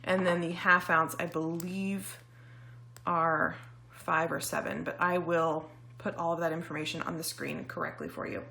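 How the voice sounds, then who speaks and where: A woman's voice: sits low, little pitch movement, moderate pace, vocal fry, pushed and bright, slight background noise. A woman vlogger casually demonstrating beauty products, chatty and explanatory with frequent ums, sounding slightly out of breath.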